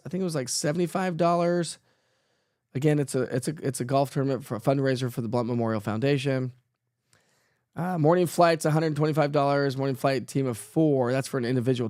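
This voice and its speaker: In a dry, clean studio recording, a middle-aged man hosts a live weather show and responds to viewers' chat, reading their messages aloud with many fillers and laughs. His voice sits mid-range, runs a little fast and has a darkish tone.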